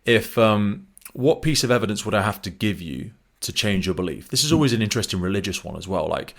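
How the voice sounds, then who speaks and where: Deep-voiced man, podcast host, relaxed chat with lively asides. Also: quick pace. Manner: chatty, animated retelling with quoted voices. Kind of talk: conversational interview.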